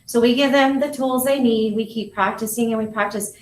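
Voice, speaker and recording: A woman grammar school teacher walking parents through a spelling lesson, sounding out syllables and letters slowly and deliberately. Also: on the high side, steady tone, roomy sound, far from the mic, slight background noise, low-quality recording.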